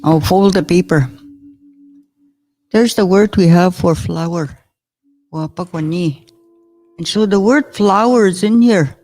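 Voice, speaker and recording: A woman teaching words in a slow, patient language lesson. She chats between words, chuckles often and sounds out each new word carefully. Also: mid-range voice, a little mellow.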